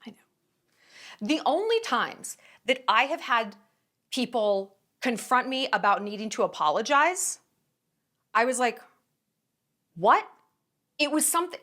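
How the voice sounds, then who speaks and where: A woman with a high voice that swoops widely up and down delivers casual opinion commentary. She is blunt and emphatic and swears freely. Her tone is sarcastic and indignant. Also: very animated, moderate pace, bright, forceful tone. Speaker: commentary vlogger.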